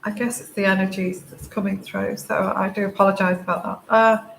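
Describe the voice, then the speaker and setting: A woman giving a tarot reading to camera, tearful and crying, talking haltingly with many fillers and restarts. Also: medium pitch, little pitch movement, gravelly, fairly bright tone. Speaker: tarot reader. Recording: echoey room, faint background noise.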